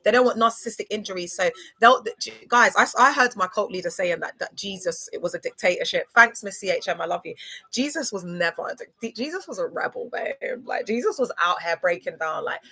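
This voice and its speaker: Bright-voiced woman chatting on a livestream. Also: mid-range voice, fairly quick, breathy edge. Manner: animated, slangy, asks "do you get what I'm saying". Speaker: livestream host. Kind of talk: casual live-stream talk.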